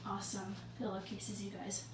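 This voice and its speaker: This vlogger chats casually with her viewers from her bedroom, filming on a handheld phone. She's bubbly and jokey despite being out of breath, with a mid-range, level voice at normal speed. The recording has an echoey room sound and faint ambient noise.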